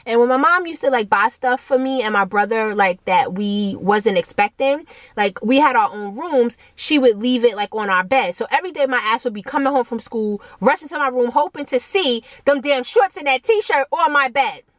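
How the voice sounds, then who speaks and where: A young adult woman vlogs a casual storytime at normal speed with few pauses and no echo. She's animated, full of fillers and asides to viewers, and uses higher-pitched voices when quoting people.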